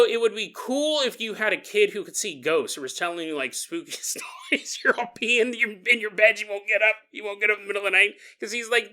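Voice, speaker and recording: A man hosting a podcast, telling a creepy story in a casual, animated way, laughing often and jumping into quick kid voices. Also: high-pitched. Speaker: podcast host.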